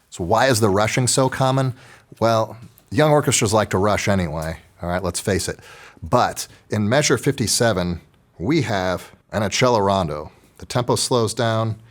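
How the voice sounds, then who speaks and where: A man explains orchestra rehearsal tricks in a relaxed, folksy way. His voice sits fairly low and he slips in joking asides as he talks. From Texas. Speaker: orchestra teacher. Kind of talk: instructional video talk.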